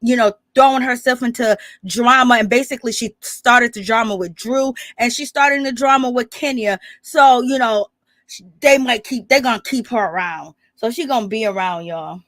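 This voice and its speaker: A woman's voice: a little high, moderate pace, fairly bright tone, no room sound, studio quality. A woman recapping a reality TV show in a casual, rambling, opinionated way, often laughing as she talks. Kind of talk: casual commentary.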